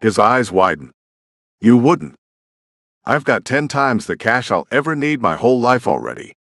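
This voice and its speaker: A man narrating a first-person romance audiobook in an expressive, conversational storytelling manner. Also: medium pitch, normal speed, dry recording, clean studio sound.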